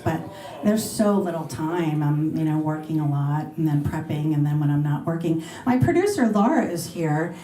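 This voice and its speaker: A woman's voice: on the low side, mellow. Middle-aged female radio host, chatty and laughing, live in a reverberant dining room. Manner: chatty, laughing, bubbly asides. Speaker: radio host speaking at a luncheon. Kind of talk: casual talk and Q&A with an audience. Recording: roomy live event recording.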